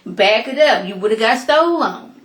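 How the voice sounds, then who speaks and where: A woman casually reviewing a TV episode, animated and emphatic, talking back at the characters. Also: a little high, normal speed, roomy sound. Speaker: TV show reviewer.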